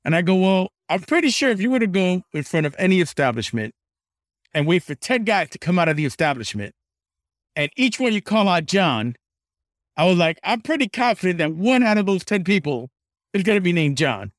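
A man's voice: sits high, sing-song, brisk, no echo, studio quality. A man co-hosting a podcast, chatting casually, tagging on "right?" and swearing now and then. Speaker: podcast co-host.

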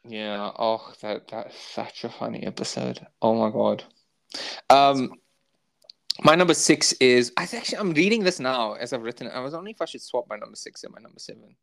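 A South African man co-hosting a podcast, casually retelling sitcom scenes and jumping into high, squeaky imitations of the characters. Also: animated, fairly quick, gravelly, a bit bright, dry recording. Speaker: podcast co-host. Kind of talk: casual chat.

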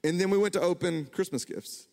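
Animated high-voiced preacher in a hall. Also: male voice, a little fast, gravelly. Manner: animated, self-deprecating, jumps in pitch when excited. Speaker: pastor. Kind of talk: sermon with storytelling. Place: church sanctuary. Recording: long hall reverb.

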